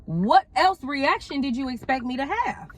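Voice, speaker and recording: A woman's voice: high-pitched, animated, moderate pace, rough recording. A young woman vlogger telling a story in a casual, profane way and laughing often. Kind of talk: storytime vlog.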